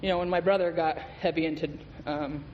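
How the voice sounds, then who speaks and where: A man's voice: fairly high pitch, fairly even intonation, fairly quick, highs cut off. A man giving a candid, profane recovery testimony as a guest speaker at a meeting, telling his story with laughs. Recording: reverberant hall with faint noise.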